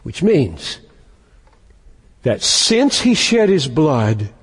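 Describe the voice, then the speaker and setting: A man preaching a sermon as pastor, emphatic and slowing down to stress key words. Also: fairly high pitch, big pitch swings, breathy edge. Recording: long hall reverb.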